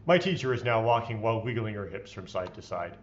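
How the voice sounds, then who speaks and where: A man's voice: lowish voice, very animated, fast talker, lo-fi sound, noisy background. A man hosting a let's play, reading visual novel text aloud in a playfully theatrical way and adding his own comments.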